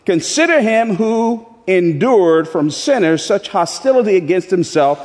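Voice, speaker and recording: A man preaching a sermon as pastor, with emphatic delivery that leaps into high, animated voicing. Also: measured pace. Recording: echoey hall with long reverb.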